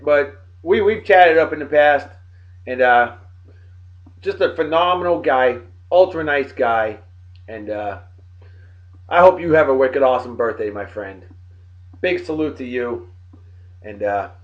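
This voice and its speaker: A man, rambling and folksy as he gives birthday shout-outs to old friends. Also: fairly high pitch, expressive, unhurried, long pauses. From Martha's Vineyard, Massachusetts. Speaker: vlogger, beer and song of the day host. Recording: dull lo-fi home recording.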